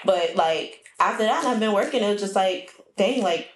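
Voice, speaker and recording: A woman's voice: medium pitch, moderate pace. A woman guest on a podcast, chatting casually and expressively about her work. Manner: lively, laughs easily, expressive. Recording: echoey room, faint noise.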